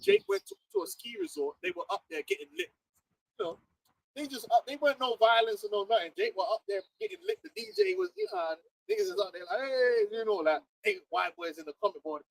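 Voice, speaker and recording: A young man, chatting casually and preaching in a lively, slangy way with frequent laughter. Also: very high voice, fast, vocal fry, low-quality recording. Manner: animated, slangy, laughing often. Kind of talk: casual chat.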